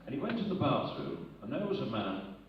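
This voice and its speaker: Man, live stand-up jokes, wandering and chuckling, far off in a booming hall, muffled and hissy. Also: big pitch swings, a little fast. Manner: rambling, loses his place, chuckles at his own jokes. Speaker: comedian. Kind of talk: live stand-up joke telling. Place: live arts centre stage with audience.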